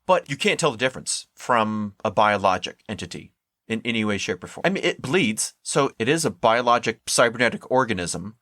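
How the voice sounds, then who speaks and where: A man's voice: on the low side, expressive, fairly quick, a bit bright, dry recording, studio quality. Blunt, dismissive podcast co-host man. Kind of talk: casual critical chat.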